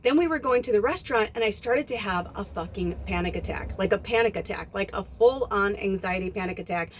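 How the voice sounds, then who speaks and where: A woman's voice: mid-range voice, fairly quick, a little hiss or hum. A woman vlogging into her phone, a spiritual medium telling a long story in casual chat, swearing freely and acting out the dialogue. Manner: chatty, swears freely, acts out quoted dialogue.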